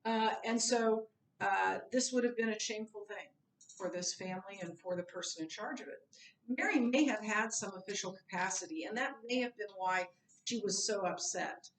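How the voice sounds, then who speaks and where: A woman's voice: mid-range voice, normal speed. A woman leads a recorded Bible lesson in an easygoing, conversational manner. She mixes in personal asides. Her voice sits mid-range and is picked up from some way off the mic, with a roomy echo around it. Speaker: Bible class teacher. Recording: roomy, from a distance.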